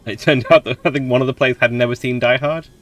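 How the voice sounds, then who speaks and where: A man hosting a relaxed let's play, chatting in a rambling way while he explores a game and laughs often. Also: mid-range voice, fast. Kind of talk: relaxed gameplay commentary.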